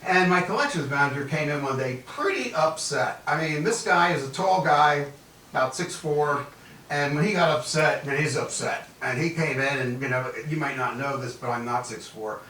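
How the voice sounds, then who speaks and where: A man's voice: fairly high pitch, normal speed, echoey room, far from the mic, a little hiss or hum, rough recording. A man from Newark, New Jersey, giving a motivational leadership keynote as guest speaker, telling stories and acting out dialogue. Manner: animated storyteller acting out dialogue.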